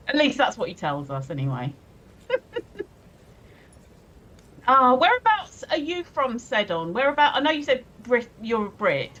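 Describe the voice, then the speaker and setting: A woman's voice: sits high, fairly bright tone, dull audio. A woman co-hosting a casual live stream, giggling often as she reads viewers' messages aloud. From England. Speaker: stream co-host.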